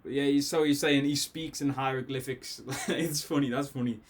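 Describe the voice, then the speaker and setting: A man with a Scouse accent hosting a casual album reaction from his bedroom, rambling, excitable and a bit tipsy, laughing often. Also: medium pitch, moderate pace. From Liverpool, England. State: tipsy after drinks. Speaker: music reaction host. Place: bedroom at home.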